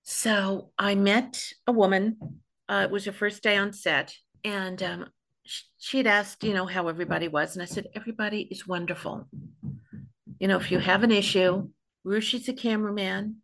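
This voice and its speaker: A woman from New York hosts a casual podcast chat with a gravelly, creaky edge to her voice. She tells stories in a chatty way and breaks into laughter often. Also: medium pitch, steady tone, normal speed, a bit bright. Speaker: podcast host.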